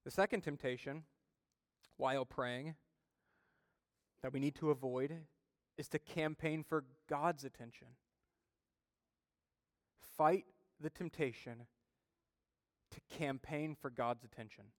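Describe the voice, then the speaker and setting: A male pastor preaches with emphasis, his fairly high voice smooth and resonant. He builds intensity as he retells a story. The sound is dry and close. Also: fairly even intonation, takes it slowly, pauses often, dry recording, long reverb tail. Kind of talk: sermon.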